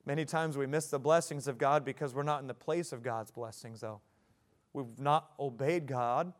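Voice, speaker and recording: A man's voice: medium pitch, moderate pace. A man in his thirties, a pastor preaching a sermon with rising emphasis and repeated phrases.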